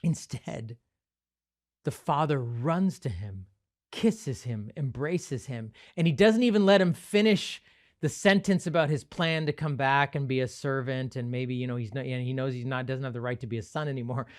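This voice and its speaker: A man pastor telling a story in a sermon, animated, with frequent light laughs. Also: mid-range voice, moderate pace. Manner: animated, laughs often, acts out quotes.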